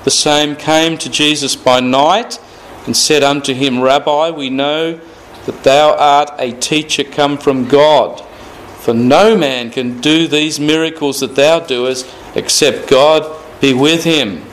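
A man's voice: a little high, steady tone, slow, rough recording. A man teaching through the Bible verse by verse, reading scripture aloud and stressing key words with rhetorical questions. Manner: repeats phrases, asks rhetorical questions.

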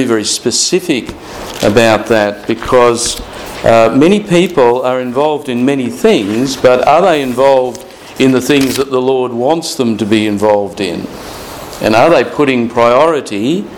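A man preaching a morning sermon as pastor, reading scripture aloud with drawn-out, emphatic phrases. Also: mid-range voice, a little hiss or hum, rough recording.

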